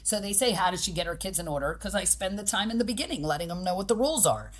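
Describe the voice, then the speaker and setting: A woman's voice: mid-range voice, animated, very fast. A woman being interviewed as a podcast guest. She speaks directly and pragmatically, with emphasis, and acts out the people she quotes. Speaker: podcast guest, boxing gym owner. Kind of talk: conversational interview.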